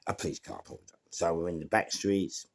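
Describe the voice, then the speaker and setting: A man with a London accent telling a lively, slangy story and acting out what people said. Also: low voice, brisk, vocal fry. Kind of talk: casual spoken anecdote.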